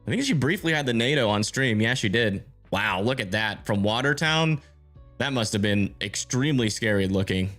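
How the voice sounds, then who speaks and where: A man's voice: medium pitch, lively intonation, moderate pace, a bit bright, soft background music. A man giving live storm-tracking commentary on a stream, thinking aloud and answering viewer chat as he checks radar. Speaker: livestream weather tracker.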